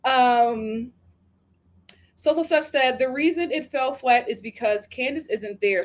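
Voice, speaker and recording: An American woman hosting a live review stream. She reads viewer comments aloud and answers them in slangy, chatty talk, laughing often and drifting into quick asides. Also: fairly high pitch. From United States. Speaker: reality TV reviewer hosting a livestream. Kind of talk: casual livestream commentary reading viewer comments.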